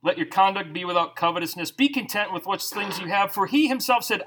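A man's voice: high voice, a little fast, few pauses. A middle-aged male pastor preaching a sermon, joking and acting out quotes as he tells stories. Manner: animated, joking storyteller who acts out quotes.

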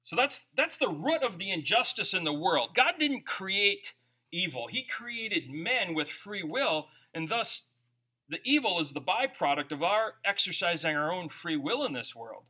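A man's voice: high voice, very animated, a little slow, bright, forceful tone. A man preaching a conversational sermon, reading scripture aloud and breaking into informal, jokey asides. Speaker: pastor.

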